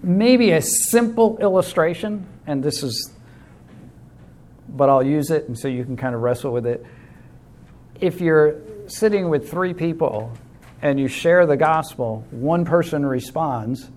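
Man teaching bible study, slightly high voice, chatty explaining. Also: unhurried, darkish tone. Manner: conversational, explains with illustrations, calls on class members.

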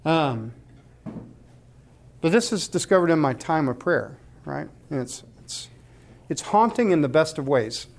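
A man's voice: fairly high pitch, expressive, moderate pace, gravelly. A man in his forties giving a candid, personal conversational sermon and asking his listeners questions. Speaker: speaker leading a church group.

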